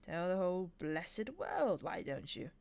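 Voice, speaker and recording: Snappish, sly male demon in a storybook reading, a woman doing the voice, a touch louder than her narration. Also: on the low side, big pitch swings, measured pace, clean tone. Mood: sardonic. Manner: snappish, sardonic. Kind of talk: audiobook reading.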